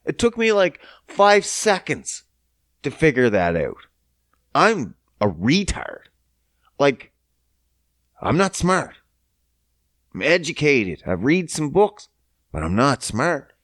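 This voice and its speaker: A man's voice: fairly high pitch, huge pitch swings, slow, pauses often, fairly bright tone, no room sound, clean studio sound. A man from Canada hosting a podcast, ranting in a casual, profane, incredulous and sarcastic way. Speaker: podcast host. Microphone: podcast mic.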